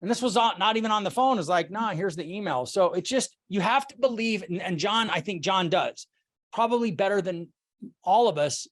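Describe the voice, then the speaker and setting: A man's voice: sits high, moderate pace. A man leading a casual sales team call, retelling a client exchange and coaching, candid and swearing freely.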